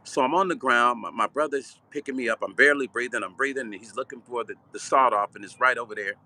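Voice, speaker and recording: A man's voice: mid-range voice, quick pace. Older man telling blunt stories. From Chicago, Illinois. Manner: vivid, animated storytelling, repeating "right?"; blunt, street-style talk with profanity. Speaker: vlog host and musician. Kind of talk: personal storytelling.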